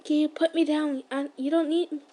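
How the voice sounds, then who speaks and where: A woman voicing a gentle young female demon who speaks in soft, halting pleas. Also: high-pitched, fairly even intonation, slight background noise, pitched above the performer's own voice, close to an everyday voice. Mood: pleading.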